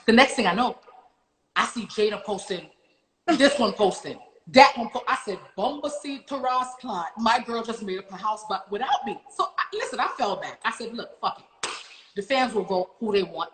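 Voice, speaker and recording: Animated woman telling a story in an echoey room. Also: on the high side, moderate pace. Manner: animated storytelling, swearing, quoting others. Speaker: podcast host. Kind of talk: casual gossip chat. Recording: echoey room with faint noise.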